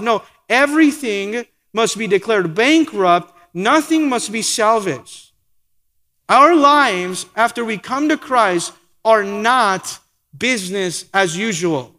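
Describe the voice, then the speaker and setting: A man's voice: high voice, animated, takes it slowly, bright, forceful tone, in a large hall. A man preaching a sermon as pastor, asking the congregation rhetorical questions and acting out quoted lines.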